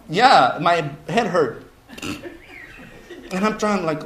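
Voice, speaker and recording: A man casually telling a story to listeners, animated and chuckling as he goes. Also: high voice, slow pace, long pauses. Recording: roomy echo.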